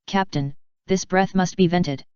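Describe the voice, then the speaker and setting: Woman reading a whiny young male pirate, smooth voice, dry lo-fi audio. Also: fairly low pitch, a little slow, darkish tone, no echo, natural voice.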